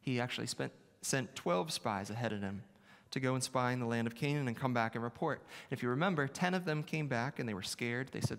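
A man's voice: medium pitch, a little fast, fairly bright tone. A male pastor preaching a sermon in a conversational, self-deprecating way, repeating his key phrases. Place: church sanctuary. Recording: long reverb of a large hall.

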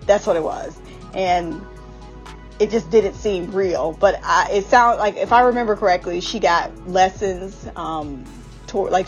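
A woman's voice: medium pitch, lo-fi sound. A woman giving a casual, blunt and profane TV recap. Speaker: podcast host recapping a TV series.

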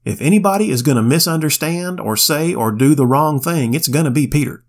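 A man's voice: fairly high pitch, animated, brisk. A man co-hosting a Bible podcast, giving casual commentary with wry, plainspoken asides. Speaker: podcast co-host.

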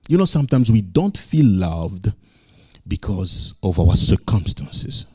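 Man preaching a sermon, lively swooping pitch, dry close sound, repeats phrases for emphasis. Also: takes it slowly, husky, no echo. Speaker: pastor.

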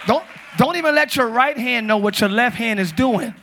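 Male pastor, high bright voice, comic shouting sermon, live church. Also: brisk, some chatter behind, a little hiss or hum. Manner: playful, shouting, mimics churchy prayer voices. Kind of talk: comedic sermon to a live congregation. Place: church sanctuary.

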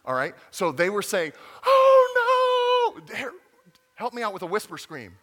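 Playful children's pastor, bright lively voice, lots of pitch swing, recorded in an echoing church hall. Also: male voice, brisk. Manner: playful, interactive, acts out voices. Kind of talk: animated family sermon to kids and adults.

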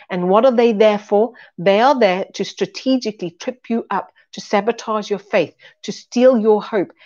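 A woman's voice: mid-range voice, a little mellow. Earnest woman teaching, slightly dull recording. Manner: conversational and earnest, retelling stories. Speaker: Bible teacher.

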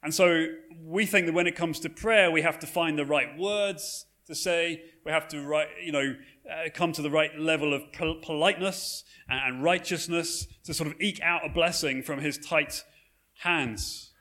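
A male pastor giving a sermon, telling a story in a relaxed, conversational way. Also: fairly high pitch, moderate pace. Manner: conversational storytelling with frequent fillers and restarts.

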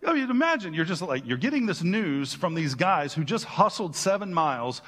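A man pastor giving a sermon, retelling scripture as casual, animated storytelling with playful asides. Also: a little high, normal speed, in a large hall, slight background noise.

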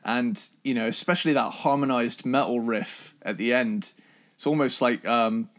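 Man co-host, easygoing album chat, excitable, loose and meandering delivery. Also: medium pitch, moderate pace. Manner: enthusiastic, rambling with restarts and swearing. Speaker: podcast co-host. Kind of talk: casual music review chat.

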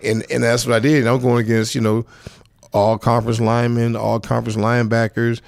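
A man's voice: medium pitch, monotone, fairly quick, gravelly, dry recording, studio quality. A man from South Central Los Angeles, a football coach telling rambling stories with lots of fillers and street slang in a casual interview. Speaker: high school football coach, guest.

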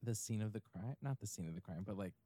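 A podcast co-host trading wry, jokey asides in casual chat. The voice sits mid-pitch and is recorded dry, with no room around it. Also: animated, fast, warm tone, no echo.

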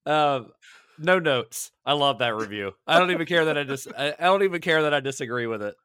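A man's voice: a little high, expressive, fairly bright tone, clear, resonant tone, no echo, studio quality. A man co-hosting a film podcast in casual chat, playful and often laughing. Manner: laughing, playful, quick quips. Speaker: podcast co-host.

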